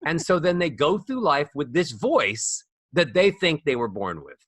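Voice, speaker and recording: A man's voice: a little high, very animated, measured pace, a bit bright, no echo, clean studio sound. A man talking as a voice coach guest on a podcast, playful and acting out the voices of others. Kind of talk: animated podcast conversation.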